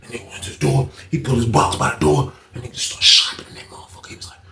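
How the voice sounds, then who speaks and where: A man tells a story in a loose, profane, conversational way, leaning on fillers as he goes. His voice sits at a middle pitch with a gravelly edge. The room around him is echoey. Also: steady tone, racing, sharp tone, a little hiss or hum. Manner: casual, profane, lots of fillers. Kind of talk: casual storytime about prison.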